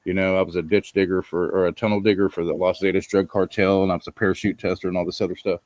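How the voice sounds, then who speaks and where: A man's voice: sits low, flat delivery, quick pace, a little mellow, no room sound. A man in his thirties hosting a casual chat, telling a long rambling story with lots of ums. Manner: laid-back rambling storyteller, frequent ums. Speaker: podcast host.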